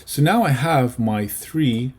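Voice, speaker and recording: A male teacher walks his class through video editing in a loose, chatty way. His voice is a little husky and sits in a middle pitch. He keeps checking in with his students as he goes. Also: lively intonation, slow, darkish tone. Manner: chatty, checks in with okay and right. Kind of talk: casual video-editing lesson.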